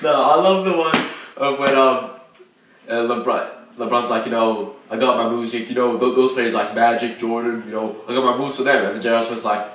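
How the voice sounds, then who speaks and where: A young man co-hosting a podcast in casual chat, telling animated stories and laughing often. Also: mid-range voice, fairly quick, slight background noise. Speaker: podcast co-host. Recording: echoey room, distant mic.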